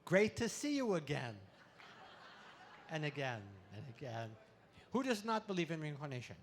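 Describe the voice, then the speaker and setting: A man giving a playful talk to an audience at an expo, full of deadpan puns and laughter exercises, speaking into a handheld mic. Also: a little high, moderate pace, a little hiss or hum. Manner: pun-filled deadpan jokes. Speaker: comedic spiritual speaker.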